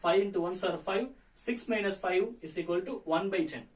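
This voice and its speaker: A hoarse man with a high voice works through fractions step by step in a lesson, repeating each figure as he goes. His voice sits a little away from the microphone, so it sounds distant. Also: normal speed. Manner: repetitive step-by-step explaining. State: hoarse from fever. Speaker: teacher. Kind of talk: accountancy lesson.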